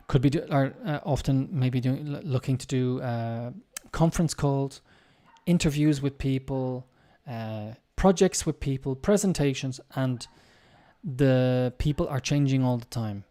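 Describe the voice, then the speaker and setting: A man's voice: medium pitch, mellow. An English teacher with an Irish accent, musing in a casual live-stream chat and talking directly to his viewers. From Ireland.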